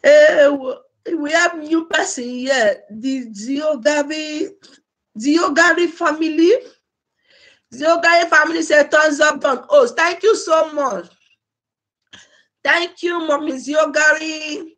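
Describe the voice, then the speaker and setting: A woman's voice: high voice, takes it slowly, fairly bright tone. A woman hosting a casual live stream, chatty and laughing often as she greets viewers by name. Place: home in Germany.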